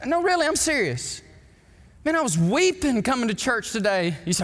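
A male pastor, preaching an emphatic, animated sermon in a church sanctuary. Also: extremely high pitch, moderate pace. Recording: long hall reverb.

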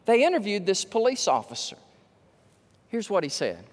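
A man preaching a sermon, telling stories that climb to excited, emphatic peaks. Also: high voice, normal speed, in a large hall.

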